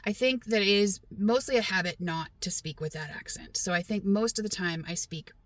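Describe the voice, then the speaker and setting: A woman's voice: mid-range voice, fairly quick, no echo. A middle-aged woman from Texas with a mostly neutral American accent and a light Southern twang, chatting to camera in a self-deprecating way. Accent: mostly neutral American, light Southern Texas twang at times. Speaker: vlogger. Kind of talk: casual talk to camera.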